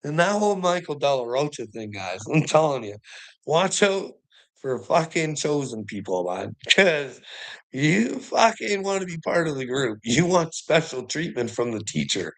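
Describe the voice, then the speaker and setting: Very animated, this vlogger's voice is a little high and fairly bright, moving at a moderate pace. He rambles to camera, agitated, cursing nonstop and frequently cracking up laughing.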